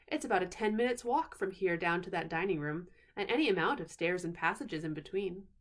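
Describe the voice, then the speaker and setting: Woman reading confident schoolboy, eager, brisk, reassuring, storybook. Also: on the low side, lively intonation. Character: eager confident older schoolboy, leader of siblings.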